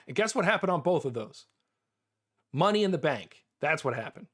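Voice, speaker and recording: An excitable American man talking through a live game stream. His voice sits a little higher than most men's, and he repeats himself and breaks into laughs as he talks. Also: fairly quick, breathy edge.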